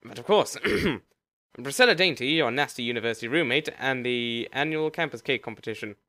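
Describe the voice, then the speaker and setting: A man's voice: medium pitch, lively intonation, a little fast, sharp tone, dry recording. A man voicing a courteous male agent of the afterlife who talks in polished, formal sales patter. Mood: smooth.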